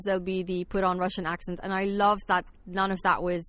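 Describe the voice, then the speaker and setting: A woman's voice: mid-range voice, little pitch movement, fairly quick, no echo. A woman with a mid-range voice gushes about films in easy, casual talk. Her phrasing is loose and full of "like". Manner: enthusiastic, says "like" often. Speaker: film podcast guest. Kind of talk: casual film discussion.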